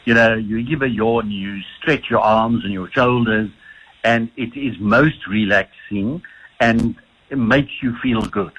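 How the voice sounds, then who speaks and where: A man's voice: on the low side, a little slow, fairly bright tone, slightly rough, lo-fi sound. A South African man, a sleep doctor, answering radio phone-in questions with many restarts and repeated words. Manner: hesitant, repeats words often.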